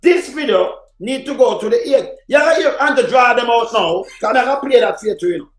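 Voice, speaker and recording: A man's voice: very high voice, animated, a little fast, soft background music. Fired-up Jamaican man with a roomy echo. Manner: fired-up, sometimes shouting, mixes patois and English. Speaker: live-stream commentator. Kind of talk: heated political commentary on a live stream.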